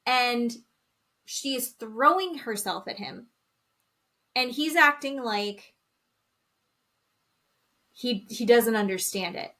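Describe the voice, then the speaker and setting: A woman co-hosting a podcast, casually retelling a reality show with lively, dramatic quoting of the people in it. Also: on the high side, slow, pauses often. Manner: animated gossipy storytelling, acting out quotes. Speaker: podcast co-host. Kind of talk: casual chat recapping reality TV.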